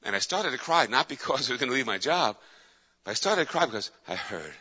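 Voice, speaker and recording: A man's voice: medium pitch, very animated, fast, bright, forceful tone, breathy edge. A man, a pastor, preaching a sermon with emphatic repetition. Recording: echoey hall, dull lo-fi sound.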